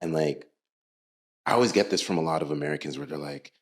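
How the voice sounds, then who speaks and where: A man's voice: extremely low pitch, fast. A man hosting a podcast, chatting casually, teasing his guest and laughing often. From Canada. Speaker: podcast host. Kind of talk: casual interview chat. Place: London, Ontario.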